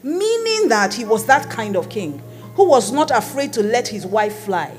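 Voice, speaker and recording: A woman's voice: fairly high pitch, very animated, normal speed. A woman pastor preaching a sermon in a conversational, playful teaching manner. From Nigeria. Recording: long hall reverb with faint music.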